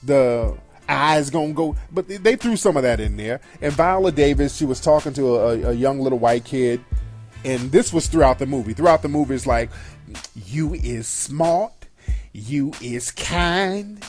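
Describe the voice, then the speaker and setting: A man's voice: mid-range voice, fairly quick, a little mellow. A man, middle-aged, hosting a radio show and giving a blunt, profane, scornful review of a film in an emphatic monologue. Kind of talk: opinionated monologue. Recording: faint music behind.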